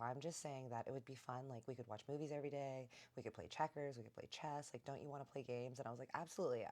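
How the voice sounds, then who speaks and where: A young woman telling a personal story in a chatty, animated way, acting out the others in her own voice. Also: extremely low pitch. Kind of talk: casual storytime narration.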